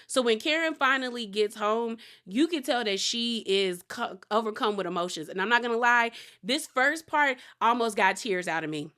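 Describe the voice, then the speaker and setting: Recap host, woman, bright forward tone, animated and chatty, laughs a lot. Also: on the high side, moderate pace, hardly any pauses. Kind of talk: casual reality TV recap.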